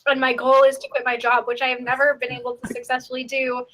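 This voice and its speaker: A high-pitched woman chatting as a player in a tabletop game, giggling as she thinks aloud. Her tone is very bright and clear. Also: completely flat delivery, quick pace, rough recording. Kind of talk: casual play chat.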